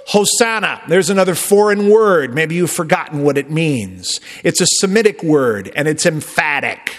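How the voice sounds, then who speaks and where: Lively-voiced pastor preaching in a reverberant church. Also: male voice, a little high, moderate pace, few pauses. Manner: conversational preaching with sudden emphatic rises and soft drops. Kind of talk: sermon. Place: church sanctuary.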